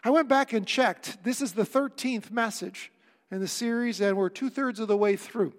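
Speaking at a normal pace in a high voice, a male pastor delivers an earnest, emphatic sermon sprinkled with wry remarks to his congregation, all echoing with the long reverb of a church hall.

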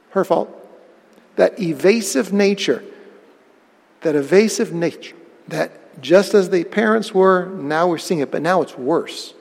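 A man preaching a sermon, telling the story with lively bursts of emphasis. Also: sits high, unhurried, creaky, big-room sound. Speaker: pastor.

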